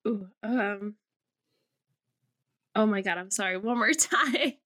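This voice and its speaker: A woman's voice: medium pitch, takes it slowly, pushed and bright. A woman, a guest on a podcast, chatting casually; she sounds nervous, laughs often and runs herself down. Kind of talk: casual chat.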